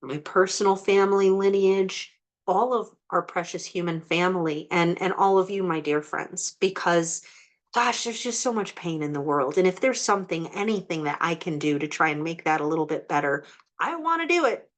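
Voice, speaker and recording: Woman, low-pitched, earnest healer, slow invocations, chatty asides, video call. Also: steady tone. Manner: slow, earnest incantation, then chatty with many "like"s. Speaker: energy healer hosting a group session. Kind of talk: guided healing invocation and group chat.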